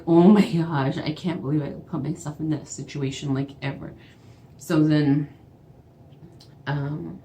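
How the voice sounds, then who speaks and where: A woman's voice: sits low, a little mellow. A young woman with a Navajo accent telling a storytime vlog, acting out both sides of phone calls as she retells them. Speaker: vlogger. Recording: echoey room with faint background noise.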